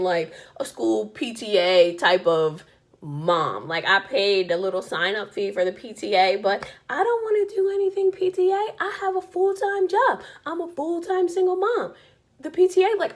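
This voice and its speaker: A woman vlogging as a single mom, telling a story in a chatty, exasperated rant full of "like". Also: fairly high pitch. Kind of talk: casual storytelling rant to camera.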